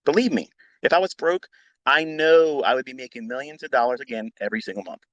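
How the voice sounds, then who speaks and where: A middle-aged trading educator hosting a live audio chat rants at listeners bluntly and profanely, unscripted, repeating his points and flaring into loud outbursts. His voice is at an ordinary male pitch and fast, and the audio is dry and close with no room echo and cut-off highs.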